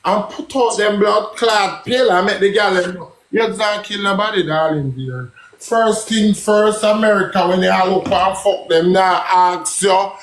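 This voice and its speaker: A high-pitched man with a Jamaican accent holds forth on a live stream, brash, emphatic and full of profanity. His voice rings in an echoey room, with a faint hiss underneath. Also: a little slow. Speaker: livestream host. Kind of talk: heated live-stream talk.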